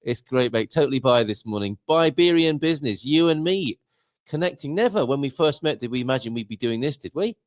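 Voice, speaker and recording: A man from England hosts a casual morning chat, his voice rising and falling in a lively way. He is playful and teasing, and the sound is dry, with no room echo. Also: mid-range voice, a little fast. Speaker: host of a morning show. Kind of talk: casual banter between two hosts.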